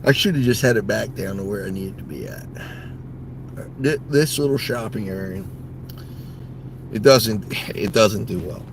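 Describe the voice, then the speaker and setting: Gravelly gig driver ranting in his car. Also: on the low side, lively intonation, measured pace, pauses often, noisy background. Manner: swears a lot, swings from grumbling to outbursts. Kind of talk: casual vlog while driving.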